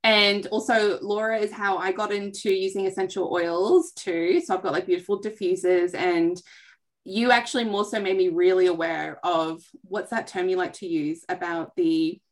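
A woman's voice: lowish voice, steady tone, normal speed. Bubbly Australian woman hosting a video chat. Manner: bubbly, chatty, self-deprecating. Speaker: host, counsellor. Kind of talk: live online interview. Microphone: video call.

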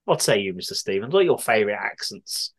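Podcast host, male, from the West Midlands; animated, giggly delivery. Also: lowish voice, quick pace, breathy edge. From West Midlands, England. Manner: chatty and giggly, often laughing and swearing. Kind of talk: casual chat, reading listener answers.

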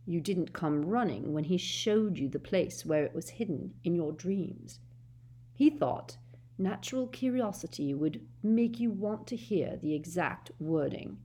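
A scheming storybook villain drawls his words slowly and softly, savoring every threat, as a woman reader puts him on. His voice sits low and hushed. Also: expressive, a little hiss or hum. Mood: gloating. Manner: slow, smooth and malicious. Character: cold, scheming grown man, masked villain.

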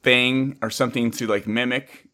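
A young man chatting casually, enthusiastic and quick to laugh. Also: mid-range voice, steady tone, sharp tone. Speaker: co-host. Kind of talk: casual chat.

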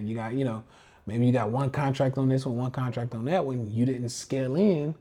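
This man speaks at a medium pitch, a touch fast, with a mellow tone and a breathy edge. He's a podcast host and trading coach going off in a casual livestream rant, slangy and emphatic, circling back to the same points again and again.

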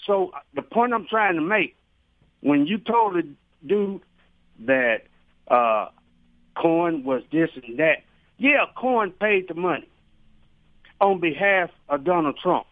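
A man's voice: on the high side, animated, slow pace, long pauses, dry recording. A man calling in to a radio show, talking in a colloquial, drawling way and repeating himself. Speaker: caller. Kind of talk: phone-in call. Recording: tinny phone line.

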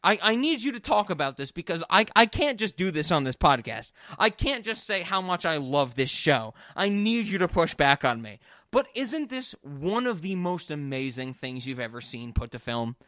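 A man's voice: high voice, moderate pace, dry recording, clean studio sound. A man co-hosting a casual podcast, gushing and laughing as he acts out scenes. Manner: gushing, laughing, animated retellings. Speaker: podcast co-host.

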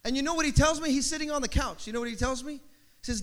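A man's voice: extremely high pitch, fast talker. A male pastor preaching a sermon in a rising, repeating preacher cadence, with humorous asides and family stories.

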